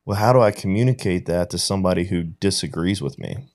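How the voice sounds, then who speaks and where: Deep-voiced man telling a story. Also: fast, a little mellow. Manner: reflective storytelling, often checks in with "right?". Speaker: podcast guest or co-host. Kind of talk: casual podcast conversation.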